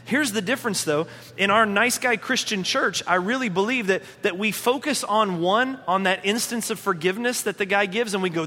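Preaching with animation, a male pastor pitches his voice high and bright and performs quoted voices as he goes. The recording has the long reverb of a big church hall.

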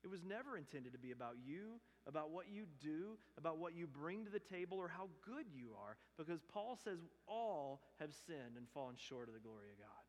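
A male pastor delivering an impassioned sermon in a church sanctuary. His voice sits a bit higher than most men's, swinging between loud emphatic bursts and hushed pleading. A long reverb trails every phrase. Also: sing-song, a little fast, hardly any pauses.

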